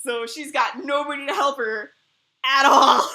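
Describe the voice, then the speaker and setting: Bright, chatty woman streamer. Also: sits high, normal speed. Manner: animated, laughs often, rambling tangents. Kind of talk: casual chat. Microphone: streaming mic.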